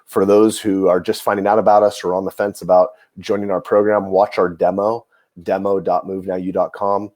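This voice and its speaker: A man who hosts a coaching program for chiropractors, talking quickly and admitting he is rushing as he walks colleagues through his clinic method. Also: deep voice, little pitch movement, a little mellow. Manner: rushed and self-admittedly fast-talking. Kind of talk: quick how-to talk to fellow clinicians.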